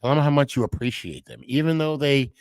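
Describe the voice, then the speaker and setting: A middle-aged man hosting a podcast, speaking in a halting, heartfelt personal monologue with frequent restarts. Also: medium pitch, a little mellow, smooth, dry recording. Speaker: podcast host.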